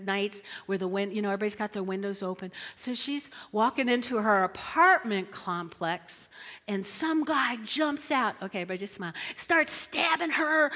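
A woman preaching a sermon in an animated, conversational way, often checking in with her listeners. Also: mid-range voice, long reverb tail.

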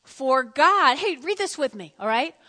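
A woman preaching a sermon in a church, animated and repetitive, calling on the congregation to respond. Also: sits high, measured pace, big-room sound. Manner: animated, repeats phrases, asks the congregation to respond. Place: church sanctuary.

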